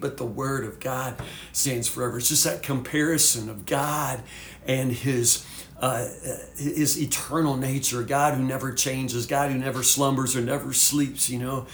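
Man, pastor, devotional bible teaching, folksy, fervent, higher voice, echoey room. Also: slight background noise. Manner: folksy, fervent, many "you know"s.

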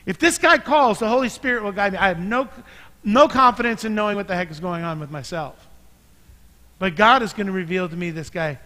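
A male pastor preaching in a relaxed, storytelling way, with quips along the way. His voice sits high and sounds bright and forceful. It rings out with a long reverb, as in a church sanctuary. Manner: conversational, joking storyteller. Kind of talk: sermon.

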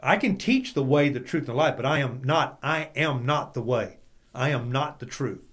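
A man's voice: mid-range voice, lively intonation, moderate pace, a bit bright. A man leading a conversational Bible class discussion in a loose, chatty way, often saying "you know.".

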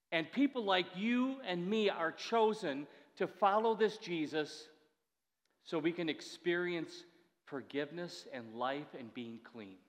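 A man's voice: fairly high pitch, in a large hall. A man in his sixties preaching a sermon in a chatty, conversational way, with asides and restarts. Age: 60s. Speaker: pastor.

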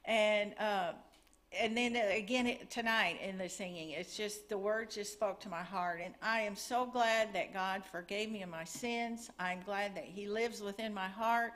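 A middle-aged woman giving a testimony and a missions update in church, earnest and chatty, a little nervous. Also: mid-range voice.

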